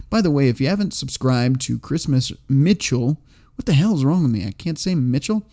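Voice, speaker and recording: A man's voice: mid-range voice, expressive, brisk, a little mellow. A man hosting a livestream, reading chat comments aloud in a rambling, profane way and laughing often.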